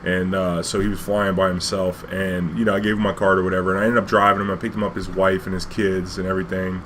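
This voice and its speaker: A man's voice: low-pitched, flat delivery, fast talker, fairly bright tone, slight background noise. A man, a cab driver telling a casual, rambling anecdote full of fillers and swearing.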